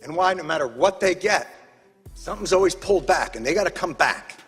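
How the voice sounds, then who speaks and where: An angry man delivers an impassioned speech in emphatic, measured bursts. His voice is slightly husky and pitched a little high. Long hall reverb surrounds him, with faint music underneath. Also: lively intonation, a bit bright. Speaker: advocate testifying at a congressional hearing.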